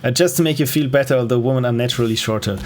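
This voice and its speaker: A man with a German accent streams himself playing a strategy game, giving casual commentary as he thinks aloud, full of fillers and self-corrections. His mid-range voice is a little mellow and rapid-fire.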